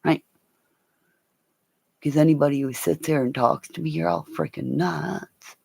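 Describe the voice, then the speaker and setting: Slow, gravelly-voiced woman rambling on a stream. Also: sits low, a little mellow, dry recording. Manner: rambling, profane, slips into mimicking voices. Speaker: live-stream host. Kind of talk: rambling live-stream storytelling.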